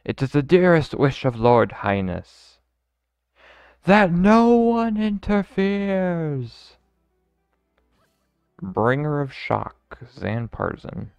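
A man's voice: on the high side, very animated, extremely slow, creaky, pauses often, a little mellow, clean tone, dry recording, muffled recording, soft background music, heavily acted. A man voicing a stern villain enforcer in a video game, issuing formal, commanding threats.

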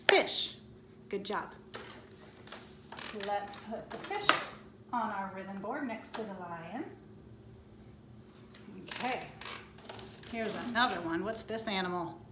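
A woman's voice: mid-range voice, fairly bright tone. A woman leading a children's music lesson, chanting animal words in rhythm and cheering the kids on. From Florida. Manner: encouraging, sing-song rhythmic chanting. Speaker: music teacher. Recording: echoey room with clear background noise.

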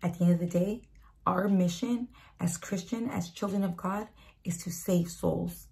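Gravelly woman preaching casually to camera. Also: lowish voice, normal speed, a little mellow. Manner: conversational, slangy, emphatic repetition. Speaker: Christian video speaker. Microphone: camera mic.

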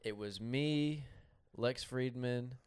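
A man co-hosting a comedy podcast, talking in a deadpan, rambling way about absurd made-up boasts. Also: mid-range voice, takes it slowly, smooth. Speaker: podcast co-host. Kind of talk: deadpan satirical comedy chat.

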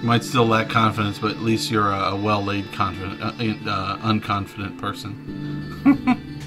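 Man, casual game commentary, joking asides, low voice. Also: flat delivery, measured pace. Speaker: gameplay commentator. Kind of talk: casual let's-play commentary. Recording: game music behind.

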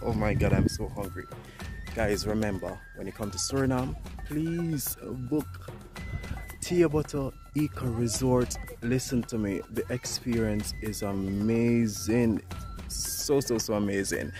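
A man's voice: on the low side, measured pace, music in the background. A man, out of breath while vlogging a jungle hike to camera and calling viewers "guys". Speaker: travel vlogger. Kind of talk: hiking vlog to camera. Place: outdoors in rainforest hills.

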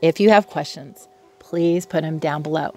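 A woman's voice: low-pitched, normal speed, mellow. A middle-aged woman, a clinical psychologist, talking casually to camera from her home patio, chatty and easily sidetracked. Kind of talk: casual educational talk to camera.

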